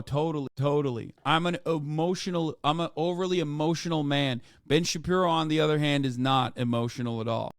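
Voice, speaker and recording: A man's voice: high-pitched, no room sound, clean studio sound. Profane man scolding his chat. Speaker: streamer reacting to a clip. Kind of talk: heated livestream commentary.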